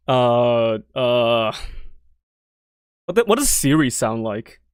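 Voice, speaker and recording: A woman's voice: rumbling low, a little mellow, clean tone, no echo, studio quality. An Australian woman streamer chatting casually through a game playthrough, laughing and swearing as she rambles.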